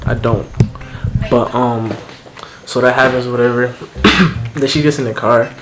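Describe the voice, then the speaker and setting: A man's voice: medium pitch, steady tone, unhurried, background noise. A young man casually telling a personal story at home for a vlog, slangy and profane. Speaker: vlogger. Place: at home indoors. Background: music playing.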